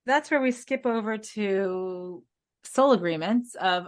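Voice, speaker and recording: A woman's voice: medium pitch, slow pace. A woman co-hosting a casual spiritual podcast, telling stories in an earnest way and laughing now and then. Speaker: podcast co-host.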